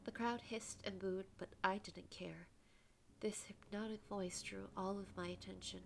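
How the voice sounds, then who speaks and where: A woman's voice: medium pitch, fairly even intonation, a little slow, vocal fry. A woman reading a visual novel's narration aloud with wry casual asides. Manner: dramatic storytelling with wry asides.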